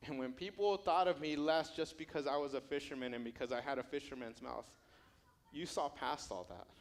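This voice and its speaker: Peter, an outspoken fisherman turned disciple, as a male preacher puts him on. He confesses humbly, tripping over restarts. His pitch stays in a plain middle register. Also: fairly quick, close to an everyday voice. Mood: humble.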